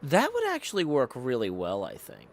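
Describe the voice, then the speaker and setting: A man's voice: mid-range voice, huge pitch swings, normal speed, a crowd in the background. A man hosting a game stream, rambling and joking casually while he plays. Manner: rambling, jokey.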